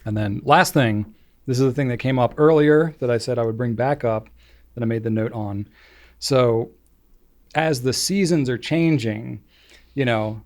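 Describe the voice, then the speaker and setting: A man's voice: mid-range voice, a little mellow. A middle-aged man co-hosting a podcast, chatting casually and rambling with lots of fillers. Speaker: podcast co-host. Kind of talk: casual chat.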